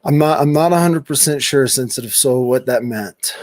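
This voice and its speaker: A man's voice: medium pitch, normal speed, darkish tone, no room sound, clean studio sound. A middle-aged man hosting a casual late-night livestream from home, reading out viewers' chat comments and teasing them back. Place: home room at a computer.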